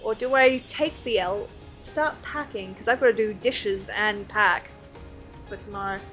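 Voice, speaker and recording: A woman's voice: medium pitch, fairly even intonation, a little slow, a bit bright, soft background music. A young woman streaming a game, chatting casually and self-deprecatingly with her viewers. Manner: giggly, self-deprecating, talks to chat. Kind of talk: casual livestream chat.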